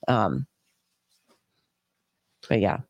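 A woman's voice: very slow, a little mellow. An American woman co-hosting a podcast, chiming in to back up and echo her partner's story. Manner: chimes in, backing up and echoing her co-host. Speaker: podcast co-host. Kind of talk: casual chat.

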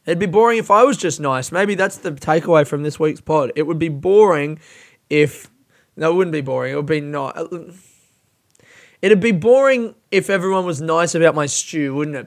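A man hosting a solo podcast, ranting with lots of swearing and self-mockery, swinging from low mumbles to loud yelling. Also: normal speed. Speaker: podcast host.

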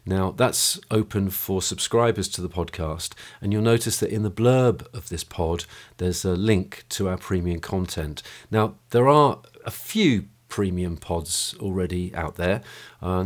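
A man hosting a podcast in a home studio room, talking casually and hesitantly, with many fillers and restarts. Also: sits low. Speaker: podcast host. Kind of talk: casual chat and wrap-up.

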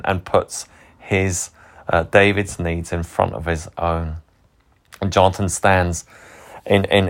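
A man's voice: low-pitched, creaky. A man, a pastor, giving an earnest, reflective sermon and often repeating words as he starts a thought.

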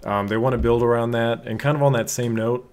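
A man's voice: medium pitch, steady tone, brisk, clear, resonant tone. Hesitant man with a middling voice. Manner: hesitant, lots of fillers, asks the group questions. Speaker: podcast co-host. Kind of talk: casual gaming chat.

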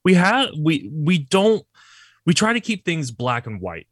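A man in his thirties chatting casually, telling lively stories about his kids and swearing freely. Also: fairly high pitch, measured pace, husky, no room sound, clean studio sound. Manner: animated storytelling, swears freely. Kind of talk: casual chat.

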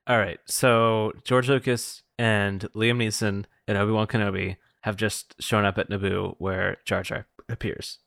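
A man's voice: fairly low pitch, level tone, unhurried, gravelly, hardly any pauses, fairly bright tone, no echo, studio quality. A man cohosting a comedy podcast, talking hesitantly with many fillers. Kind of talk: improv comedy chat.

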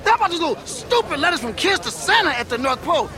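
An actor playing a frazzled, griping postal worker in a film clip, chatty and loud. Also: male voice, very high-pitched, very animated, quick pace, full character voice. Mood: ranting. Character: frazzled ranting male postal worker, middle-aged. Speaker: film character in a played clip. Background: crowd outdoors.

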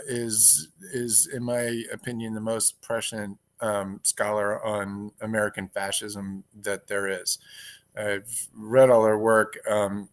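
A man co-hosting a casual political podcast, talking bluntly and profanely with dark humor. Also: on the low side. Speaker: podcast co-host.

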